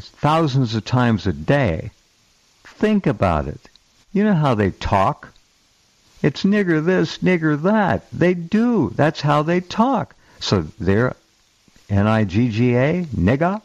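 A man's voice: medium pitch, no echo. A man hosts a talk radio show, blunt and emphatic in his opinions. His voice sounds dry and close but a little dull and lo-fi. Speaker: radio host. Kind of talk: casual talk radio chat.

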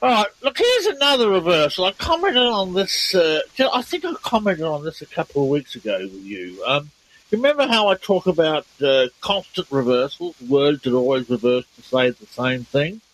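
A man's voice: on the high side, very animated, normal speed, a bit bright, rough recording. A man hosting a casual discussion, eagerly explaining clips and often restarting his sentences. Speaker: host presenting reversed speech clips.

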